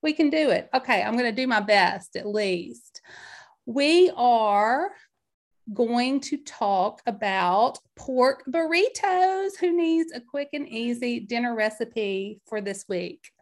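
A woman in her forties talks through her podcast in a bubbly, rambling way. Her voice sits a little on the high side, and she sounds slightly out of breath as she chats on. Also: slow. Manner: bubbly, rambling, animated storytelling. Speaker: podcast host. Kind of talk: chatty solo podcast talk.

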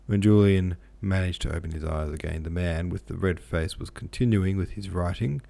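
A man narrating a classic novel aloud in a measured reading voice. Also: low voice, creaky, warm tone. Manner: measured, occasionally self-correcting. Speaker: audiobook narrator.

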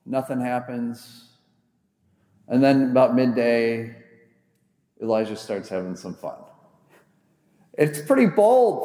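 A man's voice: mid-range voice, warm tone. A man preaching a sermon as a pastor, retelling a Bible story in a conversational, humorous way. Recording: echoey hall with long reverb.

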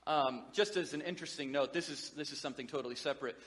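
A man's voice: a little high, rapid-fire, fairly bright tone, big-room sound. A man preaching a sermon as pastor, in a conversational, joking manner with frequent restarts.

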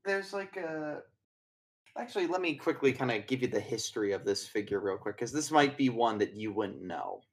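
A man's voice: medium pitch, animated, moderate pace. Chatty male game master. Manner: chatty, rambling, with casual fillers and swearing. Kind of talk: narrating a tabletop game.

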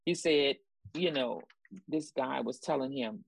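Low-voiced woman preaching with emphasis. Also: unhurried, creaky, breathy edge, dry recording, highs cut off. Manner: emphatic and repetitive, urging listeners; exclamatory praise. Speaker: ministry co-host. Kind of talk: preaching commentary.

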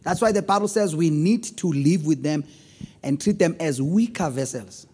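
A man preaching a sermon on relationships, swinging between loud emphasis and low asides. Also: moderate pace, husky, big-room sound. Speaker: pastor.

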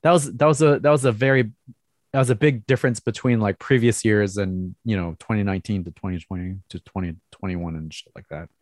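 A man's voice: lowish voice, fairly even intonation, brisk, darkish tone, dry recording, clean studio sound. A man co-hosting a casual chat over a video call, speaking hesitantly with frequent restarts and little laughs. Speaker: podcast co-host.

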